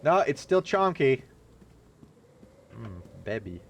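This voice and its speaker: A man chats his way through a horror game with casual, profane humor. His pitch swings widely, jumping high on sudden jokes. A faint hiss sits under the voice. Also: expressive, unhurried, pauses often. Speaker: streamer. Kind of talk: casual gameplay commentary.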